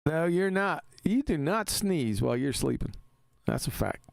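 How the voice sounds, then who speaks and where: A man's voice: fairly high pitch, sing-song, moderate pace, gravelly, no echo. A man hosting a casual live stream, talking in an emphatic, argumentative way and laughing easily.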